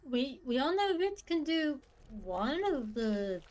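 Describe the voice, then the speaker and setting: A fairly high-voiced woman talks slowly on a live stream, her pitch rising and falling a lot as she muses aloud. Game music plays clearly behind her. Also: sing-song, darkish tone. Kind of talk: casual live-stream chat.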